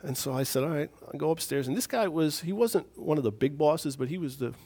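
A man gives a relaxed, talky sermon in a voice sitting a little above the usual male range. He speaks like he is chatting with the congregation, poking fun at himself as he tells a story from his own life. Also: on the high side, brisk, slightly rough. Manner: conversational, self-deprecating, chuckles at himself. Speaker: preacher.

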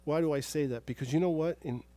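A man preaching a sermon as pastor, telling stories and moving from soft, hushed moments to loud, emphatic praise. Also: on the high side, quick pace.

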